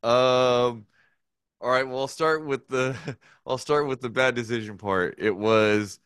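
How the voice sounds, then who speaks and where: A man's voice: mid-range voice, fairly even intonation, measured pace, fairly bright tone, clear, resonant tone, dry recording, clean studio sound. A man hosting a casual chat, telling rambling anecdotes full of swearing and laughter. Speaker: podcast co-host.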